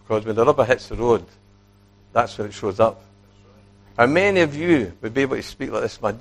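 Animated man preaching a sermon. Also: mid-range voice, a little fast, long pauses. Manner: animated, acts out quoted speech, asks the congregation questions.

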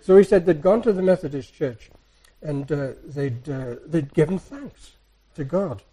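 A man giving a sermon, a soft-spoken, rambling storyteller who retells everyday encounters. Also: on the high side, expressive, a little slow, slightly rough, rough recording. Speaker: church speaker. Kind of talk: anecdotal sermon.

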